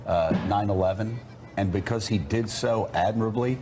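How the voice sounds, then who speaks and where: A man with a fairly low voice speaks as a morning news host, building his argument deliberately and leaning on key phrases. A faint hiss of noise sits under the television clip.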